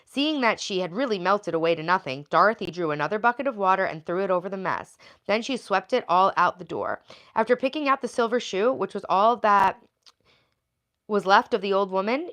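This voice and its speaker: A woman's voice: medium pitch, lively intonation, fairly quick, a bit bright. A woman hosting a livestream, reading a storybook aloud between chatty, rambling asides. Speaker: livestream host.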